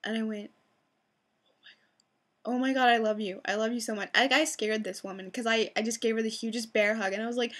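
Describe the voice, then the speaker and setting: Young woman, excitable, chatty vlog storytelling, slightly high voice, lots of fillers. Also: brisk. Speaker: vlogger. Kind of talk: casual fan storytelling.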